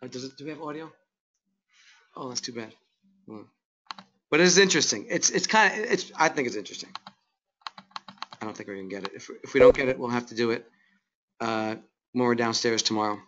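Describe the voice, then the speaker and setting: A man's voice: medium pitch, fairly quick, pauses often, a bit bright, slight background noise. Guy lecturing a finance class, chatty and wry, muffled lo-fi classroom audio. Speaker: finance instructor. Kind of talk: classroom lecture with running commentary. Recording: dull lo-fi classroom recording.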